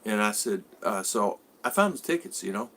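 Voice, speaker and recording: A man's voice: lowish voice, very animated, moderate pace, fairly bright tone. A man in his sixties hosting a casual live-stream vlog, rambling as he greets viewers by name and answers their comments. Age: 60s. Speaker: vlogger host.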